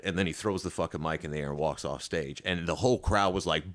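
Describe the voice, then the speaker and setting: Deep-voiced laid-back man telling stories. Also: fast talker. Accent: Midwestern American. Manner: laid-back, swears a lot, laughs often. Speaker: podcast guest, battle rapper. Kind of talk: casual podcast storytelling.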